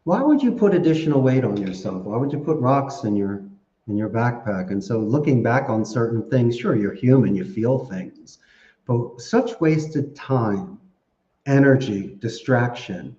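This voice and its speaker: Low mellow guy chatting away on a podcast, laughs a lot, kinda echoey. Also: a little slow. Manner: chatty, laughs often, animated storytelling. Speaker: podcast guest. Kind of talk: casual interview answers. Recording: roomy, dull lo-fi podcast audio.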